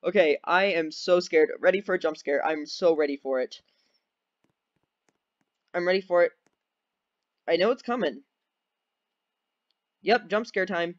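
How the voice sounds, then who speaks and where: Brief: high-pitched male gaming host, skittish horror-game commentary. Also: expressive, normal speed, long pauses, a little hiss or hum. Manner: jumpy, easily scared, nervous laughs. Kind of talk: live commentary while playing.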